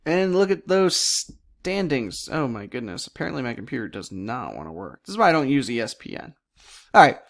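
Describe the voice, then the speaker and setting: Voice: medium pitch, big pitch swings, vocal fry. Chatty host rattling off sports standings. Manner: chatty and jokey, wanders into asides; reads out standings and numbers in rapid lists. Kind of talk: casual solo sports talk show.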